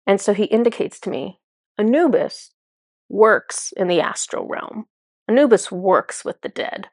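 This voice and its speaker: A woman's voice: medium pitch, animated, measured pace, no room sound, clean studio sound. A woman speaking as a spiritual channeler in a casual, enthusiastic monologue full of fillers. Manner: chatty, filler-heavy, enthusiastic.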